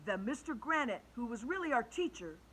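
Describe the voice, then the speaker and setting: A woman reading a children's chapter book aloud, animated and changing her voice for the characters. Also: fairly high pitch, a little fast, slightly rough, low-quality recording. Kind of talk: storybook read-aloud.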